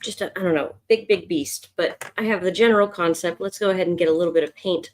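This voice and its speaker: A woman's voice: fairly low pitch, steady tone, fast, darkish tone. A woman hosting a live sketch session as an art teacher, chatting casually and thinking aloud as she draws. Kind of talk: casual live drawing stream.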